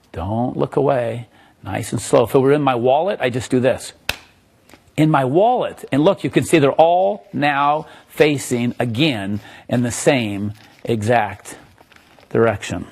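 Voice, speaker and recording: A man teaching magic to a live audience in a room, answering questions in a joking, animated, self-mocking way. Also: mid-range voice.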